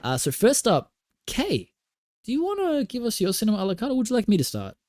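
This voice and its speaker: A man with an Australian accent, co-hosting a film podcast in a relaxed, agreeable way. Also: high voice, fast, no room sound, studio quality. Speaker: podcast co-host. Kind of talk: casual chat.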